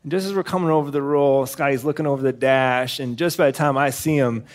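A man's voice: mid-range voice, steady tone, fast talker. A man co-hosting a live podcast, telling a long story with lots of fillers and chuckles. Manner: rambling with fillers and laughs. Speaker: podcast co-host. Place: live stage show.

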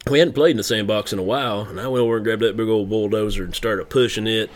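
A man's voice: fairly low pitch, fairly even intonation, fast. A man hosting a podcast, chatting in a folksy way and laughing a lot. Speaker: podcast host. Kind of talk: casual chat.

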